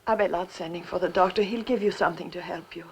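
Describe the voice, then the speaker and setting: An actress playing a worried woman who gently soothes a distraught man in a 1960s television drama. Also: lowish voice, fairly even intonation, fast talker, creaky, slight background noise. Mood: soothing.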